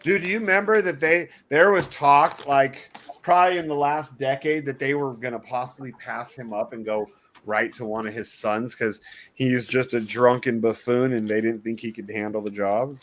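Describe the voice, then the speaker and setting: A man co-hosting a podcast in casual chat, excitable and swearing freely. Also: medium pitch, normal speed, a little hiss or hum. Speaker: podcast co-host.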